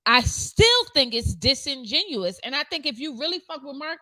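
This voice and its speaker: A young woman talks in a casual podcast chat, high-pitched and swinging widely in pitch. She argues bluntly and emphatically and swears freely, and her voice is bright and sits dry and close. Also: big pitch swings, normal speed, no echo, low-quality recording. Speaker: co-host. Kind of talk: casual podcast chat reviewing a reality show.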